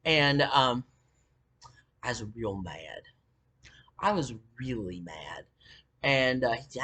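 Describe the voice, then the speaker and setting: A woman's voice: rumbling low, expressive, a little slow, pauses often, fairly bright tone, slightly rough. A woman vlogger telling a long personal story in a heated, profane, rambling way.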